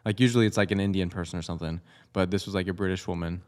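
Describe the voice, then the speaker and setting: A man's voice: deep voice, racing. A young man co-hosting a casual podcast, telling stories with lots of laughter and acted-out voices. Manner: animated storyteller who laughs a lot and acts out voices. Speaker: podcast co-host. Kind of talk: casual chat.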